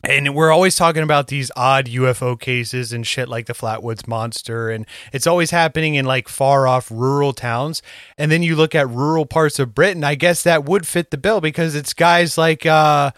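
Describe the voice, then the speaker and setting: A man chats casually as a podcast co-host, easygoing and a little crude, leaning on fillers. His voice sits a touch high. The sound is dry and close. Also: moderate pace, a bit bright, no echo. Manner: laid-back, swearing, laughing, lots of fillers. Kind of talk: casual chat.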